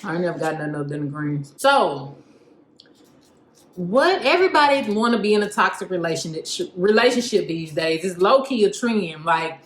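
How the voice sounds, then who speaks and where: A woman's voice: on the low side, animated, normal speed. A young woman hosts a casual chat over a meal, slangy and laughing while she eats. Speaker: host. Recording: roomy home recording with faint noise.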